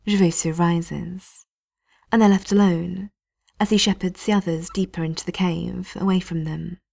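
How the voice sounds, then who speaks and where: A woman reading a story aloud in a hushed, often half-whispered delivery. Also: lowish voice, fairly even intonation, moderate pace, creaky. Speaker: narrator.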